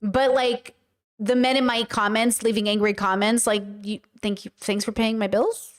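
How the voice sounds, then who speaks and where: Her slightly high voice stays steady and moderately paced as she speaks straight to her stream. This streamer and commentator is emphatic and blunt, dropping casual swears through her reactions and explanations.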